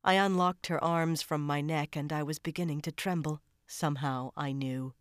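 Low-voiced woman narrating a tense thriller. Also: fairly even intonation, normal speed, smooth, no room sound, studio quality. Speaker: audiobook narrator. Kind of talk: first-person audiobook narration.

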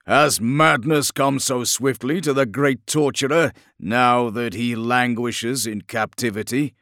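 A contemptuous armored jailer, voiced by a male audiobook reader, stern and raised. He speaks slowly, with a dry, close sound. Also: medium pitch, steady tone, fairly bright tone, no room sound, pitched above the performer's own voice.

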